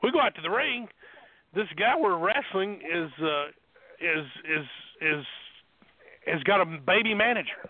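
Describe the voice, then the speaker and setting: A man with a Southern accent, a wrestling manager telling boastful stories in an animated way, full of restarts. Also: high-pitched, measured pace, no echo. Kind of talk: storytelling on a podcast. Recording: tinny phone line.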